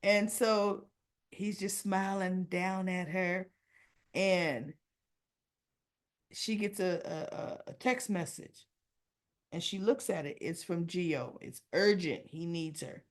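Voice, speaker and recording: A woman with a lowish voice speaks slowly as she hosts a soap opera recap, chatting casually and acting out lines of dialogue while retelling the episode.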